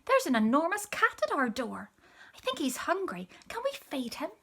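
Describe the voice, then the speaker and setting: A woman voicing an excited little boy who eagerly calls out to his mother in a storybook. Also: sits high, moderate pace, voice pushed up, exaggerated voice. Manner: eager, loud calling.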